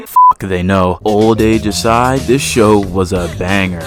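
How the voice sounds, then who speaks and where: A man gives casual scripted commentary in a joking, irreverent way. His voice sits a little low, with faint music behind it. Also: expressive, moderate pace. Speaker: video essayist.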